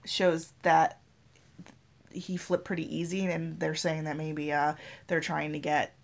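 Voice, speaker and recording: A woman's voice: sits low, level tone, a little slow, vocal fry. A woman chatting casually in a sardonic way, swearing and often trailing off mid-thought. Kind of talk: casual political chat. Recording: dull lo-fi recording.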